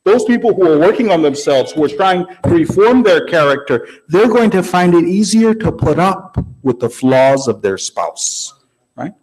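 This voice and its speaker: A man's voice: on the high side, big pitch swings, normal speed, a little mellow, rough recording. A man giving a sermon in a conversational way, often checking in with the audience. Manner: conversational, keeps asking the audience "right?". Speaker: religious speaker.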